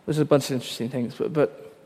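A man's voice: mid-range voice, steady tone, fast talker, warm tone, husky, long reverb tail. A man, probably in his thirties, preaching a sermon in a conversational, self-deprecating storytelling way with frequent fillers. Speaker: pastor.

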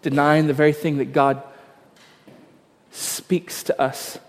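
Pastor in a reverberant church hall. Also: male voice, on the high side, little pitch movement, slow pace. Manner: conversational, self-deprecating storytelling with many fillers. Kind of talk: sermon.

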